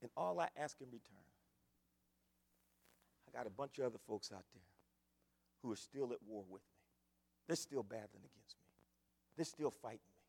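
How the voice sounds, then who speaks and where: An older man preaching a sermon, swinging between loud fervent calls and low hushed asides. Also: expressive, moderate pace, gravelly, pauses often, slightly rough, in a large hall. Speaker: pastor.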